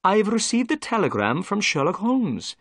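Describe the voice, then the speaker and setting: A man's voice: high voice, sing-song, normal speed, fairly bright tone, no room sound, studio quality, voice pushed up, heavily acted. A man voicing a polite, apologetic middle-aged police inspector in a raised voice, read as a story. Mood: humble.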